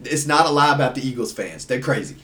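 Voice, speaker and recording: A man telling rambling, animated stories in casual chat, full of fillers. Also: medium pitch, fast, distant mic. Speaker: guest. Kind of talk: casual storytelling.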